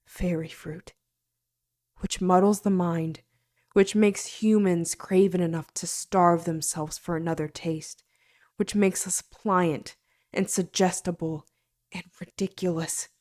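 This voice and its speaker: A woman narrates a first-person fantasy novel with a slightly low voice. She reads expressively, with her volume rising and then falling nearly to a whisper. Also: fairly even intonation, slow, a little mellow. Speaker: audiobook narrator.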